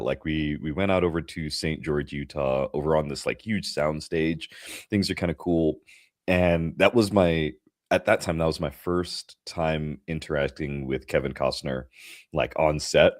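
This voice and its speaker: A young man with a very low voice tells an animated story, full of fillers and laughter. The sound is dry and close, like a video call. He talks casually, as one actor chatting with another. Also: no room sound. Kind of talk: casual chat. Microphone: remote video call.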